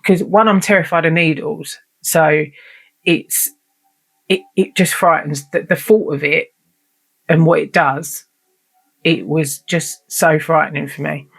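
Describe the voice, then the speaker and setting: A woman's voice: deep voice, fairly even intonation, a little slow, creaky, husky. A woman hosting her own show, telling a personal story in a candid, rambling way and swearing freely. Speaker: podcast host.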